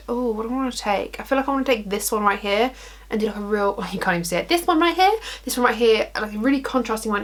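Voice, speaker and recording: Faint music plays behind this makeup vlogger, a young woman with a fairly high, fairly bright voice who speaks fast and animatedly. Working at her mirror, she chats through the tutorial, wandering into tangents and teasing herself along the way.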